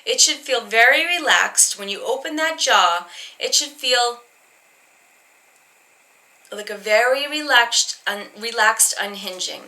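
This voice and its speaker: A woman originally from Boston, northeastern US, teaches singing in a recorded lesson, talking in a chatty, explanatory manner with ums and restarts. She hides her Boston accent under a neutral American one. Her voice is on the high side and sharp, with lively intonation, a slow pace and long pauses.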